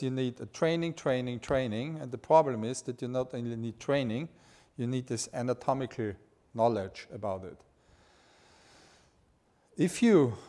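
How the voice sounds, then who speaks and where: A live anatomy lecture comes from an Austrian man with a mid-range, darkish voice and a Styrian accent. He teaches enthusiastically, informally, and with plenty of jokes.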